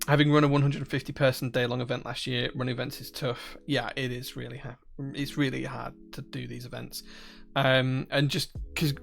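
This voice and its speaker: A Northern Irish man with a gravelly, mid-pitched voice, talking casually to viewers on a live stream. He rambles, restarts sentences and fills pauses with "um" as he thinks aloud. Faint music plays quietly in the background. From Northern Ireland. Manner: rambling, many restarts and fillers. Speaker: livestream host. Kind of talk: casual live-stream chat, reading chat questions.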